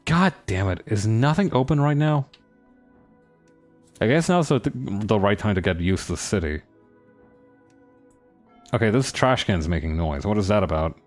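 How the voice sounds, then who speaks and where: A man's voice: low voice, a little mellow. A man thinking aloud and reading game text during a let's play, musing with many restarts. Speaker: game streamer.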